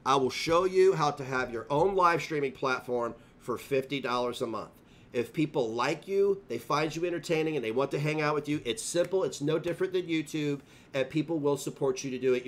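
A man's voice: a little high, fairly quick. Profane ranting male streamer. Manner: profane, confrontational, taunting. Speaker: live streamer. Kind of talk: livestream rant.

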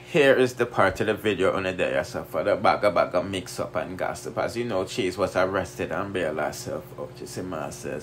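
Deep-voiced Jamaican man chatting gossip. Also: a little hiss or hum. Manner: chatty, repeats tag phrases. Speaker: gossip show host. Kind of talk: casual commentary.

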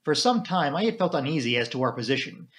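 A man narrating a classic mystery novel in a measured storybook reading. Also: fairly high pitch, very animated, fairly bright tone. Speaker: audiobook reader. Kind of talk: scripted narration.

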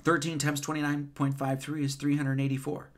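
A man's voice: fairly high pitch, completely flat delivery, a little fast. A man giving a loose, rambling sermon, counting numbers aloud with many fillers and casual asides. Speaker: preacher.

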